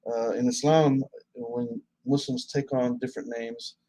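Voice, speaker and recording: A man, a Muslim preacher, answering questions in a casual conversation, earnest and measured with frequent restarts. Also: medium pitch, level tone, warm tone, no echo, poor audio.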